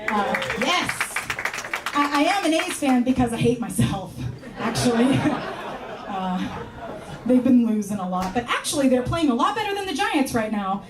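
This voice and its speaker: A woman from California performing a stand-up comedy set on a club stage, with wry, deadpan asides and sudden high exclamations. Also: moderate pace, a crowd in the background. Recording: roomy club sound from far off.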